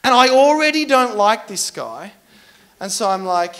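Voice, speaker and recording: Brief: young male pastor, high voice, animated and self-mocking in his sermon stories. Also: a little slow. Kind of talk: storytelling sermon.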